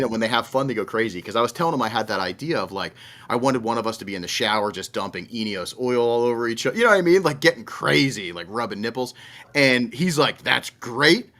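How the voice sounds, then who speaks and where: A man's voice: medium pitch, a bit bright. A man co-hosting a casual podcast, telling stories with lots of swearing and laughter. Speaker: podcast co-host.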